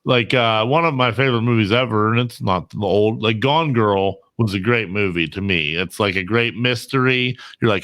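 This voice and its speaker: A man's voice: lowish voice, normal speed, few pauses, a bit bright. A man chatting casually on a podcast, telling rambling stories full of fillers. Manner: rambling, filler-heavy storytelling. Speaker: podcast host. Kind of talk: casual chat.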